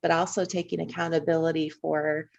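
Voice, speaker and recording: A woman from Indiana with a low, gravelly voice talks through her own memories in a relaxed podcast chat. She reflects as she goes and lets the stories unfold at length. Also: brisk, lo-fi sound. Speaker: podcast co-host. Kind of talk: casual conversation.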